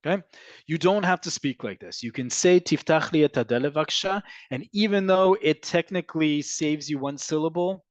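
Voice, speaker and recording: A man's voice: on the high side, normal speed, darkish tone, no echo, rough recording. A man teaching an online Hebrew class, explaining grammar and answering questions as they come in.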